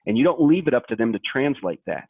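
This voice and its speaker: A man's voice: medium pitch, very animated, fast talker, slightly rough, no room sound. Man, young adult, from Kentucky, sales trainer, emphatic coaching, dry, phone-like audio. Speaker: webinar co-host and sales trainer. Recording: tinny dry phone line.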